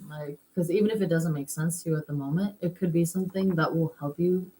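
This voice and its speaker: A woman's voice: on the low side, steady tone, fast, warm tone, a little hiss or hum, poor audio. A woman chatting casually, rambling and hesitant, with many fillers. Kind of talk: casual chat.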